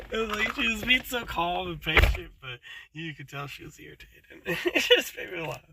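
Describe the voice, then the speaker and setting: Chatty man over loud road noise. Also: sits high, lively intonation, moderate pace, gravelly. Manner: chatty and amused, laughs often. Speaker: food delivery driver. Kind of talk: casual vlog narration. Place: in a car and walking between stops.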